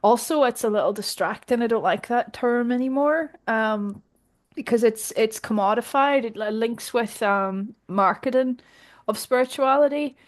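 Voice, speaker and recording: A Northern Irish woman, a guest in a casual conversation, talking in a direct, animated way and often laughing. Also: a little high, moderate pace. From Northern Ireland.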